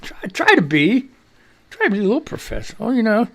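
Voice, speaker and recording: A gravelly-voiced man hosts a live radio show, a little out of breath. His talk swings high and low with lively energy, loud, profane and full of rambling asides. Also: a little fast.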